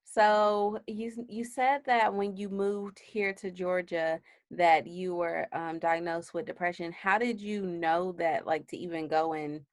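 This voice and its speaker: Low-voiced woman hosting a faith interview. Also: fairly even intonation, measured pace, few pauses, no room sound, studio quality. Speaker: interview host.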